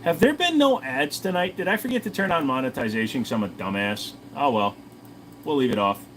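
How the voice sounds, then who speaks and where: A man in his forties with a Tennessee accent, talking casually to his livestream viewers at a medium pitch. He is crude and profane and keeps joking, with a faint hum of air conditioning behind him. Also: lively intonation, a little fast, a bit bright. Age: 40s. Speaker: livestream host.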